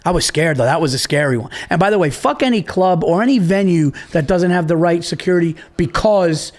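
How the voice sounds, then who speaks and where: High-voiced brash comedian, swearing. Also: male voice, a little fast. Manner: brash, swearing, emphatic storyteller. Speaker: stand-up comedian. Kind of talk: podcast chat.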